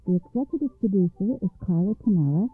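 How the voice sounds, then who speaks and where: A woman telling a fairy tale as a radio storyteller, reading in a measured, expressive way. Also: mid-range voice, breathy edge, soft background music. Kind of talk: scripted fairy-tale narration. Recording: dry, tinny phone-like radio sound.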